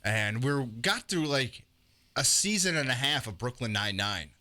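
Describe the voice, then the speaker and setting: A man chatting casually on a radio talk show, easygoing and quick to agree. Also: mid-range voice, very animated, pushed and bright.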